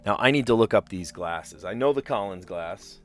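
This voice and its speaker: Low-voiced man chatting on a stream. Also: lively intonation, normal speed, faint music behind. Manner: chatty, rambling, explains word origins. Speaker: streamer playing word puzzles. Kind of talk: casual live-stream chat.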